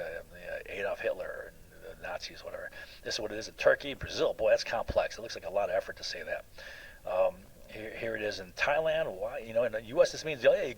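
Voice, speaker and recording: Middle-aged male lecturer, lowish husky voice, rambling anecdotal classroom delivery. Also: poor audio. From United States. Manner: rambling, anecdotal, lots of fillers and "right?". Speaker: college lecturer.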